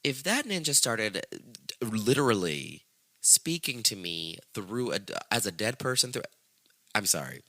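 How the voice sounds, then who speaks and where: A man hosting a podcast, telling a true-crime story in a casual, profane, slangy way and acting out the quotes in high squeaky voices. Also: unhurried, no echo. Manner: profane, slangy, animated retelling with acted-out quotes. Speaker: podcast host.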